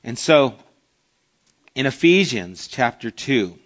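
A man's voice: mid-range voice, sing-song, slow pace. Earnest male pastor preaching, muffled audio. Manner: earnest, conversational preaching with anecdotes. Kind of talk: sermon.

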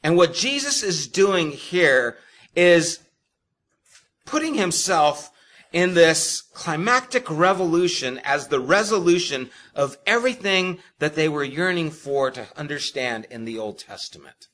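A male pastor delivers a sermon in a bright, forceful, somewhat high voice. He talks straight to his congregation, leaning hard on key words, then dropping suddenly quiet. The delivery swings between loud emphasis and hushed asides. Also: a little slow. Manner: expressive, emphatic preaching with sharp swings in loudness; addresses the congregation directly.

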